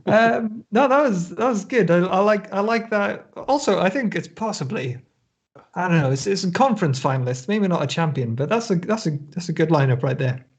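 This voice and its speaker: A man co-hosting a relaxed sports podcast, his voice sitting a little higher than most men's. He rambles, restarts his sentences and laughs often. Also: brisk. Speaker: podcast co-host. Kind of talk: casual chat.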